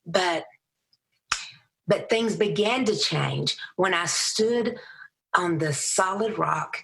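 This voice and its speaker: Middle aged southern lady guest, bright voice, big storyteller energy. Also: slow pace, vocal fry, slight background noise. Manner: animated storyteller, raises her voice high for quoted people. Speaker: Christian motivational speaker, guest. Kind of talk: storytelling interview answer.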